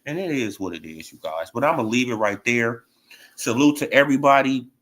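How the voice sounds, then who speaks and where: Briskly delivering slang-heavy ranting commentary, this boxing channel host is full of energy, his voice lurching between loud shouts and quiet mumbles.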